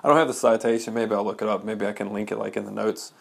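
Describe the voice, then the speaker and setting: Thirties male blogger with a gravelly edge, loose and rambling, easygoing personal chat. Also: lowish voice, steady tone, quick pace. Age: 30s. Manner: rambling, many fillers and restarts. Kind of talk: casual personal monologue.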